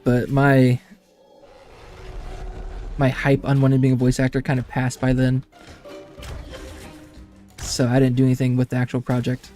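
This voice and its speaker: A man's voice: mid-range voice, completely flat delivery, moderate pace, pauses often, mellow, faint music behind. A man streaming a game, rambling and chatting casually to his viewers and laughing often.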